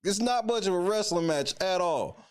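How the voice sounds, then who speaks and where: Male reaction host, incredulous and mocking, lively high voice. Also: moderate pace, clean tone. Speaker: commentary show host. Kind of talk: live reaction commentary.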